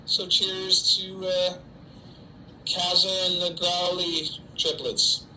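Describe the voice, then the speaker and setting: A middle-aged man talks to his webcam from home in a very bright, forward voice, pitched a touch high for a man. He rambles cheerfully, jokes at his own expense and reads out fans' questions. A faint room hum sits under him. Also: little pitch movement, slow pace, rough recording. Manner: chatty, self-mocking, talks to an unseen audience. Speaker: actor hosting a live fan stream. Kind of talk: casual solo livestream chat. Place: home during quarantine.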